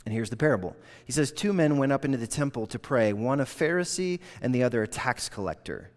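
A man's voice: mid-range voice, fast. Man preaching in a reverberant hall. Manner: earnest, conversational preaching with animated quoted voices. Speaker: pastor. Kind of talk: sermon. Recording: long reverb of a large hall.

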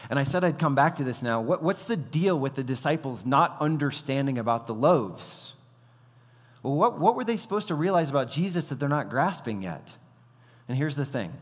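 A man in a large hall delivers a sermon in an animated storytelling way, slipping into quoted voices. His mid-range voice rings with a long reverb around him. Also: mid-range voice. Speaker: preacher.

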